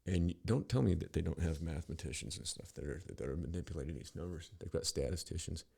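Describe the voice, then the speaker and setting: A man's voice: low-pitched, fast, vocal fry, a little mellow, husky. A middle-aged man hosting a podcast, ranting in a rambling, profane, sarcastic monologue full of restarts. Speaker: podcast host.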